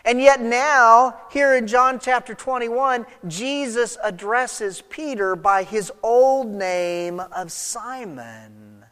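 Pastor guy preaching, kinda high voice, soft then punchy, echoey church. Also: slow pace, few pauses. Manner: expressive, swings between soft and emphatic. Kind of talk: sermon.

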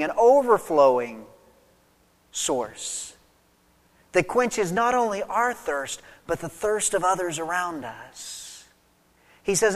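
Pastor preaching in a reverberant hall. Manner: expressive preaching, swinging from loud emphasis to soft low asides. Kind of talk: sermon. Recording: long reverb of a large hall.

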